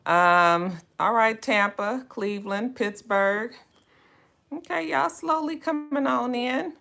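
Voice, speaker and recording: A woman's voice: on the high side, slow, pushed and bright. A woman hosting a book club livestream, greeting viewers by name in a chatty, drawling way. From West Coast of the United States. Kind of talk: casual livestream chat.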